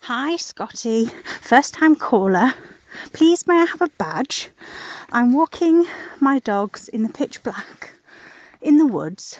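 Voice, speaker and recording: A woman's voice: on the high side, very animated, takes it slowly, muffled recording. A woman calling in on her phone while walking dogs outdoors, out of breath, candid and reflective. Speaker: caller. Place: snowy woods at night, outdoors.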